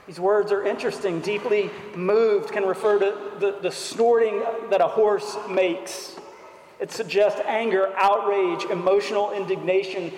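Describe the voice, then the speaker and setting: Preacher, man, high-pitched and unhurried, earnest sermon in a big reverberant hall. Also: a little mellow, slight background noise. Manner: earnest, deliberate, rhetorical questions. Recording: echoey hall.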